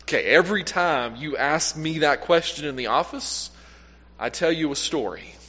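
A man preaching a sermon to a congregation in a loose, conversational way, fairly high in pitch. His phrases often sink quiet at the end, and he corrects himself mid-sentence. The sound is dull and lo-fi, with a long echo from the church hall. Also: lively intonation, normal speed. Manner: conversational, self-correcting, drops to quiet at line ends. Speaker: pastor. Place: church sanctuary.

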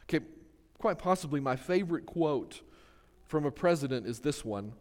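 A male pastor preaching a sermon in an earnest way, slowing down to stress key words. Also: fairly high pitch, expressive. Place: church sanctuary. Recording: long reverb of a large hall.

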